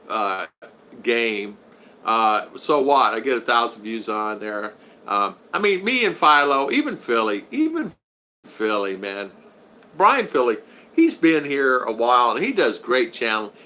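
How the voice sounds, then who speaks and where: Bright and forceful, a mid-range voice comes from a man in his sixties hosting an easygoing home live stream in the Philippines. He talks loosely, reads out what viewers write, and teases his regulars affectionately.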